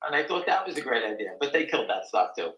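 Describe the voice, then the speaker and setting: A man's voice: mid-range voice, sing-song, quick pace, a bit bright, echoey room, highs cut off. An older man hosting a live stock market talk show, blunt, folksy and rambling.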